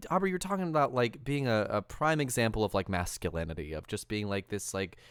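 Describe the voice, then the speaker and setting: A man chatting as a podcast guest, animated and laughing, quoting film lines in bursts. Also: lowish voice, a little fast, smooth, dry recording, studio quality. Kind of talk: casual chat.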